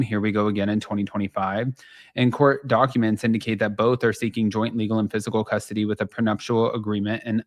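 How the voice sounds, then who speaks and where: A man hosting a casual celebrity gossip show, chatty and animated, talking straight to his viewers in a slightly nasal voice. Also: on the low side, no echo, studio quality. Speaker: host.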